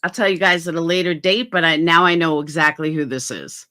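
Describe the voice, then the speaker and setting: A woman's voice: sits low, brisk, bright, forceful tone. A middle-aged woman hosting a casual commentary vlog, talking bluntly and defensively and swearing freely. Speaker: YouTube commentary host.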